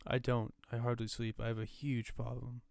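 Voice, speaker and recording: A man's voice: mid-range voice, monotone, moderate pace, vocal fry, darkish tone, no room sound, clean studio sound. A man co-hosting a podcast over a video call, chatting casually, tired and mumbling, swearing and laughing at his own ideas. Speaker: podcast co-host. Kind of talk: casual chat.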